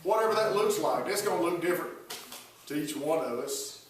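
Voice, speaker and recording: A pastor preaching a sermon, folksy and joking with the congregation. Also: male voice, fairly high pitch, animated, a little fast, slight background noise. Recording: echoey room, voice from far off.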